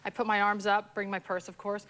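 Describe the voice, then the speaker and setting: A woman in her forties from the US West Coast, a TV actress telling a lively story as a talk show guest, acting out voices and laughing. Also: mid-range voice, a little fast. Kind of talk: casual chat, anecdote telling. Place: TV studio with audience.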